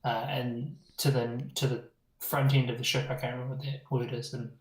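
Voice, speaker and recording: Relaxed New Zealand man running a game. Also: mid-range voice, a little fast. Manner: relaxed, searching for words with ums. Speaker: game master. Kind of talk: narrating a tabletop game. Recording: echoey room.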